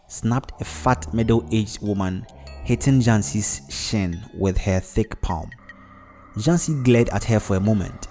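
A man narrating a story in a measured, even delivery. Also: lowish voice, soft background music. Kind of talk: storybook narration with character voices.

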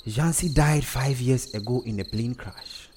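A man's voice: mid-range voice, big pitch swings, moderate pace, noisy background, lightly acted. A man voicing a devout middle-aged woman who takes charge firmly in a storybook reading. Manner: firm and commanding, sometimes soft. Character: devout middle-aged woman, firm older sister's protector.

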